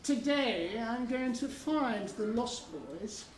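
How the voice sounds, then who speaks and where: Pantomime villain: woman as a pompous pirate captain, high and unhurried, caught from far off in a hall. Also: lively intonation. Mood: gloating. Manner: pompous, gloating, theatrical. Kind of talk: amateur pantomime stage acting. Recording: echoey hall from far off, audience.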